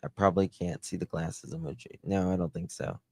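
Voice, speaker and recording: A man's voice: low voice, steady tone, a little fast, warm tone, no echo, studio quality. A middle-aged man giving casual true-crime commentary to a live chat, blunt and sarcastic, brushing off claims he finds weak.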